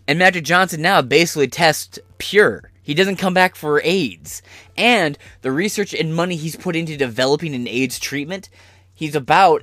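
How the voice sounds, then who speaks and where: A man's voice: a little high, a bit bright, no room sound. Profane, ranting male podcast host. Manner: profane, heated, sarcastic. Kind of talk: ranting political commentary.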